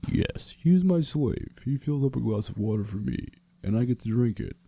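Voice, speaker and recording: Man doing a smug gravelly master, dark and low, drawn out. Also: animated, moderate pace. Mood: gloating. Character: gloating man boasting about his servant.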